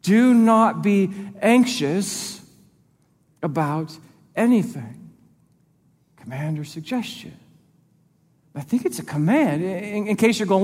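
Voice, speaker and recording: A man's voice: sits high, lively intonation, measured pace, in a large hall. A man, a pastor, preaching a sermon in a conversational way, acting out quoted voices as he goes. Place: church sanctuary.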